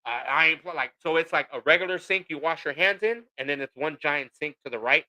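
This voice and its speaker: A man's voice: a little high, brisk, bright, forceful tone, rough recording. A man chatting casually on a podcast, telling rambling stories full of fillers and swearing. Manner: profane, rambling storytelling with many fillers. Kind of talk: casual chat.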